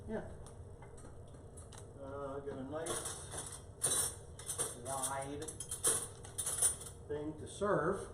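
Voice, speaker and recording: A man's voice: fairly high pitch, extremely slow, pauses often, roomy sound, heavy background noise. A man hosting a casual cooking demonstration in his home kitchen, chatting as he plates and tastes the food. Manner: chatty, talks while tasting and plating. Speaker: cooking show host.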